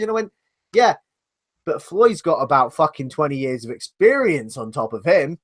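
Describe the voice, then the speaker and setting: Brief: British male co-host, lively and expressive, sweary, blunt and argumentative banter. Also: high voice, moderate pace. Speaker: podcast co-host. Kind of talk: casual live podcast banter.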